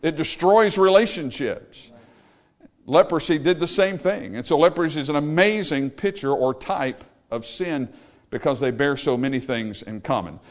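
Preacher man with a swinging delivery. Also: moderate pace. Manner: dynamic, swinging from loud exclamations to low quiet lines. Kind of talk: sermon.

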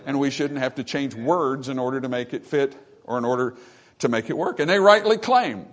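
A pastor preaches from the pulpit at a normal speed in a medium-pitched voice. He is emphatic, repeating phrases for emphasis and calling out "amen" to the congregation.

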